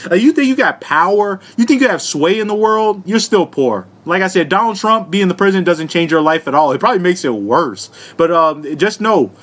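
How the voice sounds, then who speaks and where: High-voiced man ranting with profane mockery. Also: a bit bright. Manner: profane, mocking, laughing, talks down to viewers. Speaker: vlogger. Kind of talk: comedic commentary rant.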